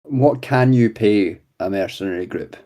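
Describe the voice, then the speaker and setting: A man's voice: on the low side, normal speed, warm tone. A man playing a tabletop game, hesitant with many ums and given to dry jokes. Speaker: player.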